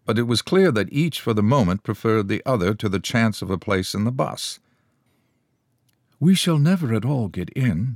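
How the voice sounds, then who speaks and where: The man reading this audiobook has a voice that sits low, and he narrates his script in a steady, even storytelling manner. The sound is clean studio audio with no room tone.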